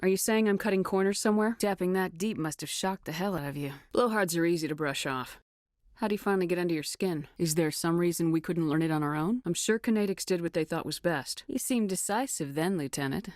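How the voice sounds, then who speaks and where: Woman doing a tough lady space commander, low voice, dry close mic, no nonsense. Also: brisk, a little mellow, no room sound, close to an everyday voice. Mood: challenging. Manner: blunt, clipped military talk. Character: female starship commander, blunt and tough. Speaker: commanding officer. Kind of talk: video game voice acting.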